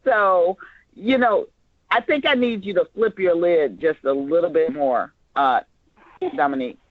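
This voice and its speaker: A director giving casual rehearsal notes to actors, animated and repeating lines to show how they should sound. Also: mid-range voice, unhurried, no room sound. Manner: animated, acts out lines mid-explanation. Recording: dull, dry lo-fi audio.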